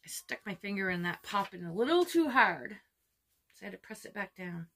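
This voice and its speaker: A woman in her fifties chatting casually through a makeup tutorial at home, gushing over the colors and sometimes dropping to a soft whisper. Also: mid-range voice, sing-song, fairly quick. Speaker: beauty vlogger.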